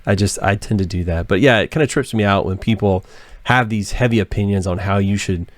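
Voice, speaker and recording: A man's voice: fairly low pitch, fairly quick, dry recording. Laid-back male podcast host. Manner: laid-back, talks in loose slangy bursts. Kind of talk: casual podcast chat.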